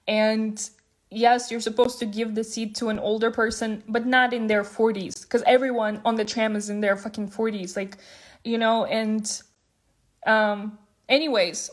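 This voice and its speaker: Animated young woman vlogger, swearing freely. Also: fairly high pitch. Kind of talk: storytime vlog.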